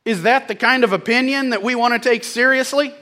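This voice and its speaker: A man preaching a sermon who swings from loud exclamations to hushed lines and drops in folksy, joking asides. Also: very high voice, a little fast.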